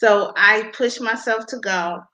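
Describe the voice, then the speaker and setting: A woman being interviewed about her invention, talking with many pauses and restarts. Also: mid-range voice, bright, forceful tone, slight background noise, poor audio. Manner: halting, many ums and restarts. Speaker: inventor guest.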